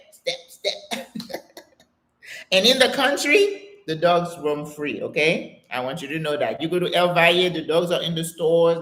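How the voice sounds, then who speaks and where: An older American woman hosting a live question-and-answer stream, reading viewer comments aloud and telling stories in a chatty, animated way. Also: low voice. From United States. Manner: chatty, animated storytelling with exclamations and laughter. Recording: echoey room sound.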